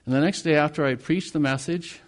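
Male pastor, sermon storytelling, dramatic swings from hushed to loud. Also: fairly high pitch, a little fast.

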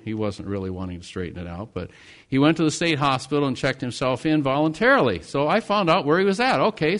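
Dramatic male pastor telling a story. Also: medium pitch. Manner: dramatic storyteller, swings from hushed to loud. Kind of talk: sermon storytelling.

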